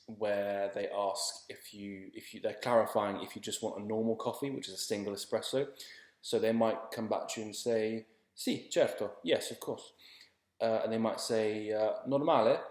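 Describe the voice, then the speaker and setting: A man teaching beginners in a relaxed, chatty and reassuring way, often repeating his words. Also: on the low side, roomy sound. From England. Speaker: language teacher. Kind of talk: casual spoken lesson.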